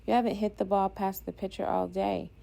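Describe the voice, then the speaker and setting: A woman's voice: mid-range voice, level tone, a little fast, vocal fry, dark tone. A woman voicing a pushy teenage boy ballplayer who asks needling, accusing questions in an audiobook. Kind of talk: audiobook character voice.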